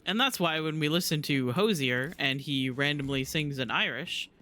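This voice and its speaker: American male streamer, slightly high voice, casual chatty gameplay commentary, quick to laugh. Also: bright, forceful tone. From United States. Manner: laughs often, frequent exclamations.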